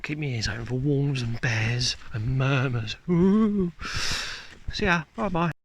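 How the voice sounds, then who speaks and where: A man's voice: mid-range voice, a little slow. A man chatting casually and candidly while out on a countryside walk, filming himself on a handheld camera. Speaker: vlogger. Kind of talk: casual walking chat. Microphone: handheld camera while walking. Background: faint outdoor ambience.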